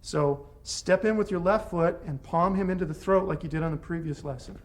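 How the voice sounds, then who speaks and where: A man's voice: fairly high pitch, fairly quick. A man teaching self-defense techniques to a class, giving short commands and encouragement as students practice. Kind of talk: hands-on class instruction.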